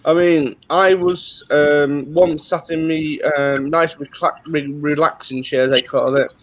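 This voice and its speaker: A man, a guest chatting casually and telling slow, laid-back stories between short agreeing replies. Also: on the high side, steady tone, dull audio. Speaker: guest on the show. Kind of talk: casual chat.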